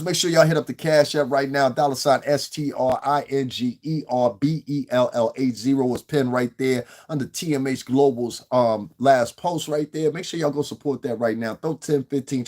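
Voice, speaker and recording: A man's voice: mid-range voice, brisk, few pauses. Cursing, rambling New man. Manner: profane, rambling, animated. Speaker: livestream host. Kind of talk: livestream commentary.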